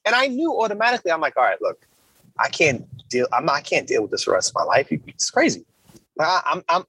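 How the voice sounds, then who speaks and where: A man co-hosting a casual podcast, talking in halting, rambling bursts with a lot of repeated words. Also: mid-range voice, a bit bright, no echo, low-quality recording. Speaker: podcast co-host.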